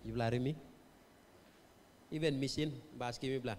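A man of medium pitch, speaking at a moderate pace with fairly even intonation and a darkish tone, preaches a revival sermon with a Papua New Guinean accent. He quizzes the congregation and moves between English and Tok Pisin. The recording has long church-hall reverb and a little hiss or hum.

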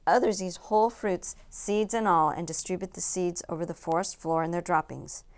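A woman in her sixties, a teacher reading aloud slowly and carefully from a book's factual afterword. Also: lowish voice. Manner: slow, careful expository reading.

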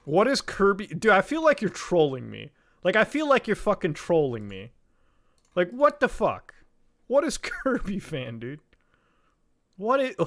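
A young male streamer talking casually to his viewers. He swears freely and gets excited quickly, often breaking into laughter. His voice sits fairly high and swings widely in pitch. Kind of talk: casual livestream chat.

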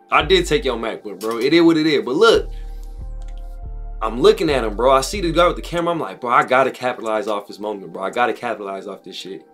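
A young man telling a story to his viewers in a casual, slangy vlog, repeating himself and rushing ahead with excitement. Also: mid-range voice, breathy edge, faint music behind. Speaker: vlogger.

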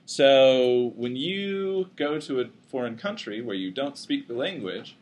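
A man's voice: mid-range voice, expressive, unhurried, darkish tone. A man teaching a psychology class, lecturing casually and joking with his students. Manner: casual, joking, self-deprecating.

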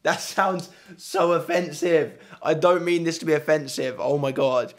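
A man's voice: fairly high pitch, a little slow, hardly any pauses. A young man with an English accent doing a casual, flustered accent challenge video, laughing at himself. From England. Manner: self-deprecating, giggly, flustered. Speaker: vlogger.

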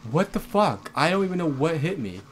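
A man hosting a horror game let's play, reacting out loud, swearing often and bursting into startled shouts. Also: fairly high pitch, big pitch swings, fairly quick, slight background noise. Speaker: gaming channel host.

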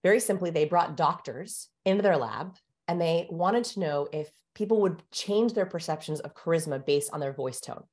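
A woman with a lowish voice talks as a guest expert in an interview. She explains in a lively, teacherly way and stretches key phrases slowly to make them land. She sounds like she is on a video call. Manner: animated, teacherly, shifts pace for emphasis.

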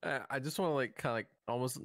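A man's voice: mid-range voice, fast, a bit bright, no echo, studio quality. A man playing a tabletop game, asking questions in a loose, joking way and swearing freely. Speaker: player. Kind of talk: casual tabletop game chat.

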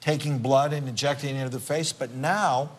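A man's voice: medium pitch, steady tone, fairly quick. A man co-hosting a TV talk show, chatting in an upbeat, conversational way. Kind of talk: studio talk.

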